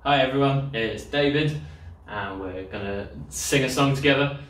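A man leads children's worship cheerfully and encouragingly, explaining things to kids at home while playing his own guitar loudly. His mid-range voice moves at a moderate pace, recorded in an echoey room with a distant mic.

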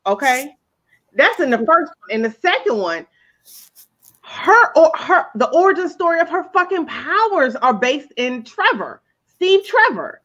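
A woman chatting casually in a movie review, animated, emphatic and profane. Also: high voice, measured pace. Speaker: podcast co-host. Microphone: video call. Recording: slightly dull lo-fi audio.

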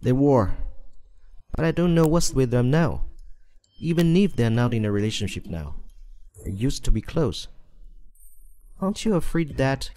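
A man's voice: mid-range voice, expressive, moderate pace, pauses often, warm tone, lightly acted. An actor playing a pampered rich young man who whines and clings, acting scared. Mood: confiding. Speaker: rich husband, the child's father. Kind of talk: short drama acting.

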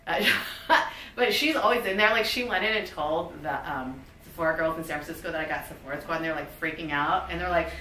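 Woman, 50s, bubbly beauty vlogger, bright voice, recorded a little far from the mic. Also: sits low, fairly quick, echoey room, slight background noise. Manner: bubbly, chatty, reads product labels aloud. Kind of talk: casual unboxing chat.

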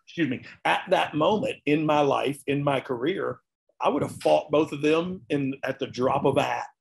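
A man in his fifties with a rough, gravelly edge. He speaks openly and earnestly in a folksy, conversational way, as a guest reflecting on his past. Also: a little high, moderate pace. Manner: earnest, folksy, frequent "you know what I mean". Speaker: guest, retired wrestler. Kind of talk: candid interview talk.

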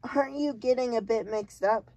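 A woman's voice: fairly high pitch, normal speed, mellow, natural voice. Woman reading as a polite young girl. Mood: questioning. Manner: polite, careful questions.

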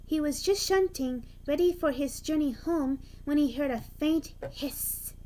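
Woman storyteller, high voice, slow deliberate read-aloud. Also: darkish tone. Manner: slow, deliberate reading with restarts. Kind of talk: storybook reading.

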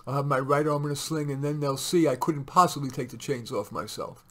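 Meek storybook husband, quiet and mild, mid pitch, in a man's own voice. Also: fairly quick. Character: meek middle-aged daydreaming husband.

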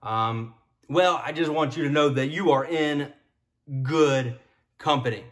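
A male pastor delivers a relaxed, conversational sermon, joking with his listeners and often restarting his sentences. His voice sits a little high for a man. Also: unhurried. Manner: chatty, joking, restarts a lot. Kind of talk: casual sermon.

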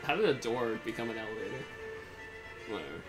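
A young man playing a video game as a guest, excitable and quick to laugh. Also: fairly low pitch. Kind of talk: casual gaming chat. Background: game music.

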